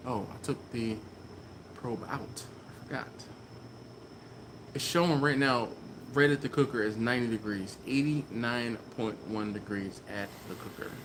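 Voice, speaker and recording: A man hosts a loose live stream from a warm garage at an easy, unhurried pace. He chats, laughs often and reads viewer comments aloud in a middle-pitched voice. A faint fan hum sits behind him. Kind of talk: casual live-stream chat. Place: warm garage beside a running smoker. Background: fan running.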